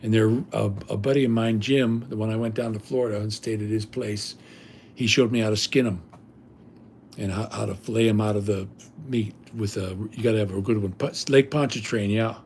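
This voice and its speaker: A man's voice: lowish voice, steady tone, brisk, darkish tone, a little hiss or hum. An older man hosting a livestream, telling rambling stories in a blunt, casual way with salty language. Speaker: livestream host.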